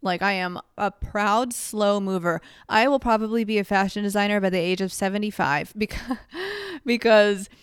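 A woman's voice: mid-range voice, normal speed, smooth, no echo, clean studio sound. A woman giving casual advice to the camera, chatty and self-mocking, full of "like" and little laughs.

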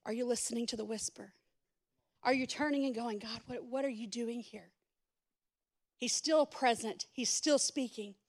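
A woman pastor preaching a sermon, swinging between loud urgent passages and soft hushed speech, with direct asides to the congregation. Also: on the high side, moderate pace.

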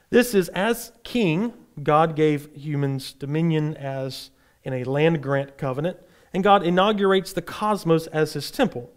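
A man teaching a Bible class, explaining in a relaxed, explanatory way with frequent fillers. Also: fairly high pitch.

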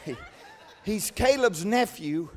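A man preaching a sermon, swinging between shouted, chanted climaxes and quiet, conversational asides. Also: high voice, lively intonation, takes it slowly, some chatter behind. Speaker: pastor. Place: large church. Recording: long reverb of a church hall.

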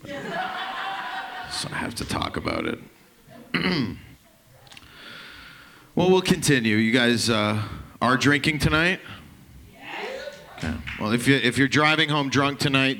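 Lively, bright-voiced male stand-up comedian. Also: mid-range voice, slow pace, gravelly, pauses often, slight background noise. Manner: profane, loose and riffing, slipping into mocking voices. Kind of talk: stand-up set with crowd work. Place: comedy club stage.

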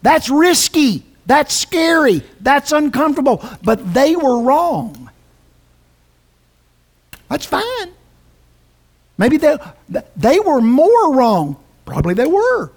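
A woman's voice: high-pitched, sing-song, slow pace, pauses often, a little mellow. A woman preaching a sermon with passion and emphasis, often restarting her phrases.

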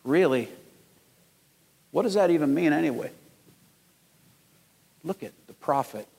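A man in his fifties preaching a sermon as pastor, telling stories and rising to loud, emphatic peaks. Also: on the high side, lively intonation, unhurried, vocal fry, pauses often, breathy edge. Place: large church sanctuary. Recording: long hall reverb.

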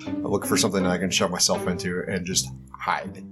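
Stammering low-voiced game player. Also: male voice, level tone, brisk, over music. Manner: hesitant, stammering. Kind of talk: tabletop game play.

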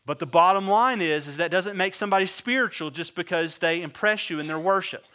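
High, bright, emphatic male preacher. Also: a little fast, few pauses. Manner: dynamic preaching, swinging from loud emphatic bursts to low quiet asides; acts out biblical characters in conversational voices. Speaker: pastor. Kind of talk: sermon.

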